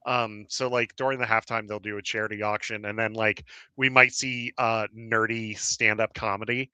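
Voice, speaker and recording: A young man talks loosely and rambles, full of ums and likes, breaking into laughter as he tells stories. His voice is bright and forward. The recording is dry and close. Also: lowish voice, flat delivery, moderate pace, smooth, no room sound. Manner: rambling, laughs often, many fillers. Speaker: podcast co-host. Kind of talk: casual chat.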